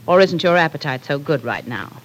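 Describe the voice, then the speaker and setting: A woman's voice: deep voice, animated, brisk, poor audio. An actress playing a cruel woman villain who gloats over her captive in a 1940s radio drama, mocking and sneering. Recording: faint hiss of an old radio broadcast.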